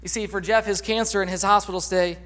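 A man's voice: sits high, fairly even intonation, fast, a bit bright. A man preaching a sermon as a pastor, telling a story and acting out the voices in it. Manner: storytelling, acts out quoted voices.

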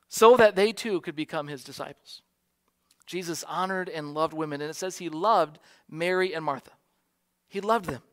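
American man, pastor; high-pitched, earnest sermon delivery, repeats lines softly. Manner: earnest preaching, soft repeated emphasis.

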